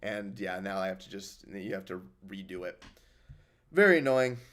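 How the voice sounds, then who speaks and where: A man's voice: deep voice, lively intonation, normal speed, fairly bright tone. Young man chatting casually on livestream. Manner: rambling, sarcastic, reading chat aloud. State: injured hand. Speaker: livestream host.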